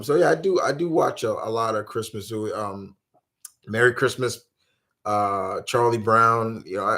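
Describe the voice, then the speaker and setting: Rambling man chatting on a live Q&A. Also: on the low side. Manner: rambling and animated, with many fillers and restarts. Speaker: host. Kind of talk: casual live Q&A chat.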